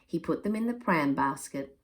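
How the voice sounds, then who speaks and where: A woman reading a children's picture book aloud in an expressive, measured way. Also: sits low. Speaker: storyteller.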